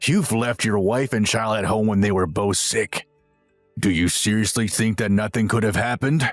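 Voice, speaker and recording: A man's voice: fairly low pitch, normal speed, no echo, soft background music, lightly acted. A man voicing a stern, disapproving older father who rebukes firmly in a dramatized text-message story.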